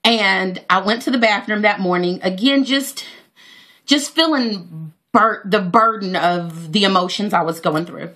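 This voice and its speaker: A woman's voice: medium pitch, a little slow, sharp tone. A woman, telling a heartfelt personal story to her viewers with many fillers and praise for God. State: near tears. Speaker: vlogger.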